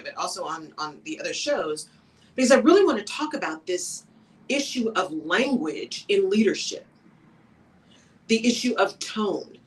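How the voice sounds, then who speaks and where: A woman hosting a live talk radio show, talking on her own in a conversational, animated way and often checking in with "right?". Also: mid-range voice, recorded from a distance, rough recording. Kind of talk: solo talk radio monologue.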